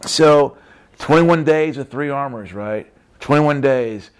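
A man sharing a Christian testimony in a casual, talky way. He repeats his phrases emphatically and keeps checking in with his listener. His pitch sits mid-range for a man. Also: slow pace, clear, resonant tone. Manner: repetitive, emphatic, frequent "right?" tags. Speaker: Christian speaker.

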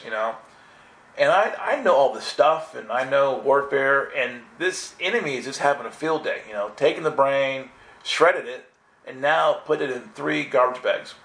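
Earnest man telling a spiritual story, echoey room. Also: mid-range voice. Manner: earnest, animated storytelling with many restarts. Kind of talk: personal spiritual testimony.

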